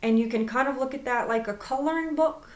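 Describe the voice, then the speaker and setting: A woman's voice: high voice, a little fast, a little mellow. A woman who practises Reiki, talking candidly to camera and stretching out the words she wants to stress. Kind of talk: personal talk to camera. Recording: roomy echo.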